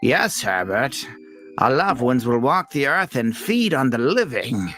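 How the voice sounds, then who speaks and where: A man voicing a slow, grave male caller with a Rhode Island accent who warns of the dead rising. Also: mid-range voice, sing-song, sharp tone, soft background music. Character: doom-warning male caller, solemn prophet of the dead.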